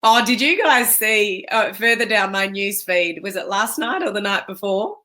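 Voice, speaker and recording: A business coach from Australia chats with her live stream viewers during an emphatic, high-energy motivational talk. She has a mid-range voice and a normal pace.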